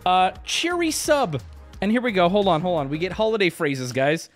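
A man streaming live, talking casually to his chat and swinging between loud outbursts and low mutters. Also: animated, quick pace, soft background music. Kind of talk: casual livestream talk.

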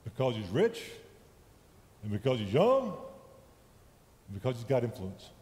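A man's voice: medium pitch, huge pitch swings, measured pace, mellow. A man giving a conversational sermon in a church, often checking in with his listeners. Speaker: lay preacher. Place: church sanctuary. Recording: echoey church hall with long reverb.

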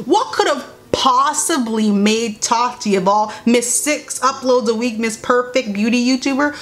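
A young commentary YouTuber reads a statement aloud with sassy, incredulous reactions, jumping between high exclamations and low mutters. Her tone is fairly bright.

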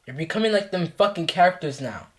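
A man's voice: high-pitched, expressive, fast talker. A male vlogger in a comedic scolding skit, swearing heavily and repeating mock threats and taunts.

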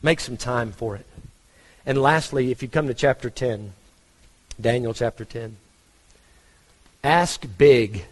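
A man's voice: medium pitch, slow, long pauses, in a large hall. A man with a Texan accent preaching a conversational sermon, asking his congregation questions. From Texas. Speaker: pastor.

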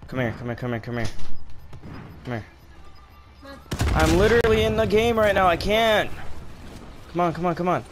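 Gamer guy on a headset, slightly high voice, drawn-out delivery, urgent repeated callouts to his squad over faint game noise. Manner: excitable callouts to teammates; repeats words in rapid bursts. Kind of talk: live game commentary.

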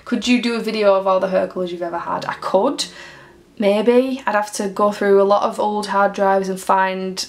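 A woman's voice: mid-range voice, fairly even intonation, normal speed. A young woman from Greater Manchester with a Mancunian accent, chatting casually and giggling as she answers fan questions in a vlog. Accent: Mancunian English. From Greater Manchester, England. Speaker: YouTuber.

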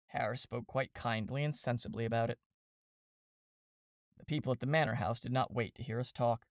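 A man narrating a classic comic novel in a steady, wry storytelling manner, voicing the characters as he goes. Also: mid-range voice, normal speed, pauses often, no echo, studio quality. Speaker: audiobook reader and podcast host.

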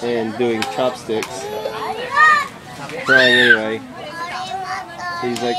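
A woman's voice: deep voice, a little slow. A woman filming her small children at an outdoor water park on a handheld camera, cheering and coaxing them and mixing in Japanese words. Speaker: parent filming her kids. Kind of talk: home video narration. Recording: loud outdoor background noise.

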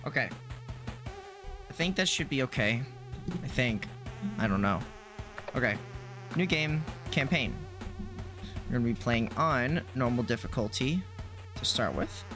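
Rambling male streamer over loud music. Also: mid-range voice, expressive, unhurried, pauses often. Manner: rambling, thinks aloud, self-corrects. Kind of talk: casual gaming stream chat.

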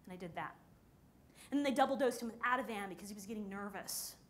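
A woman telling a personal story on a conference stage, acting out the people she quotes with lively shifts in delivery. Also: medium pitch, fast. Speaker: speaker at a conference.

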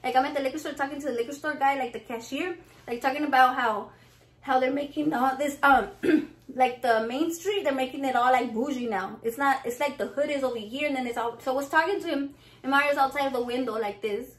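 A woman vlogger telling a story in a blunt, profane, animated way, acting out what people said. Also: sits high, brisk. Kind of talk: casual storytime vlog.

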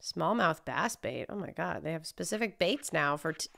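A woman's voice: sits low, expressive, moderate pace, creaky, fairly bright tone. A young woman streaming a game, chatting in a bubbly way with her viewers. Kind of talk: casual gameplay livestream.

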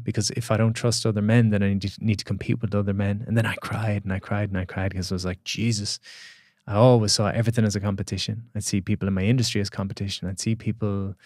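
A man shares a personal story in a relaxed podcast conversation. His voice sits on the low side and he often stops and restarts as he thinks. The sound is dry and close to the mic. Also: no room sound. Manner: reflective, storytelling, many restarts. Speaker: podcast guest, coach.

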